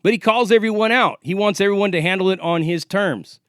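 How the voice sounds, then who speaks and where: A man in his forties delivers a combative, profanity-laced rant straight to the camera, calling out a rival. His voice sits high for a man, and the sound is dry and close, with no room around it. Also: brisk, a bit bright, no echo. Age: 40s. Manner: confrontational, profane, taunting. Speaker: vlogger. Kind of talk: ranting monologue to camera.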